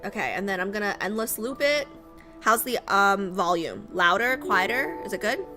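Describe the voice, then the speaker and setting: Over background music, a woman with a mid-range voice chats casually with her live-stream viewers from her home setup in New York. She speaks at a normal pace with lively intonation, rambling and frequently tossing questions to her audience.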